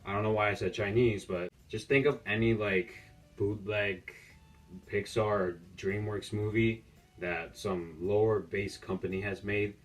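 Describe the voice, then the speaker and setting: A young man delivers a mocking, jokey reaction rant in a slightly low voice. He sounds set back from the microphone, with faint music playing underneath. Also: fairly even intonation, a little slow. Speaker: YouTuber reacting to clips. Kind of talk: casual reaction commentary. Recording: distant mic with faint music.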